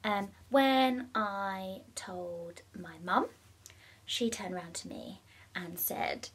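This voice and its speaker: A young woman talking casually in a personal vlog, chatty, with many ums and bursts of excitement. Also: mid-range voice, takes it slowly, slightly rough. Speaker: vlogger.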